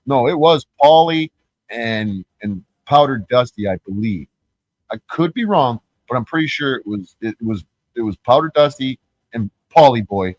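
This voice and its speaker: A man's voice: mid-range voice, no room sound, low-quality recording. A man ranting on his live stream, profane and rambling, who often restarts his words.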